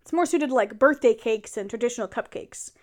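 A young woman talks straight to her partner in a casual role-play monologue, fairly high in pitch. She sounds chatty and animated as she vents about her day. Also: brisk. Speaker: audio role-play performer.

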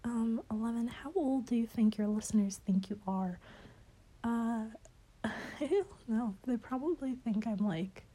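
Mellow young woman, soft rambling Q&A. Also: a little high, measured pace. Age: young adult. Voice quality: slightly stuffy, as if she has a cold. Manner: rambling, hesitant, lots of fillers and soft laughs. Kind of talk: casual Q&A, answering listed questions.

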